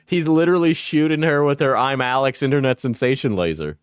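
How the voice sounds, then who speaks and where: A man's voice: medium pitch, brisk, clear, resonant tone, no echo, clean studio sound. A man reacting to a clip as a streamer, mocking and profane, with bursts of laughter. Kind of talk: reaction commentary.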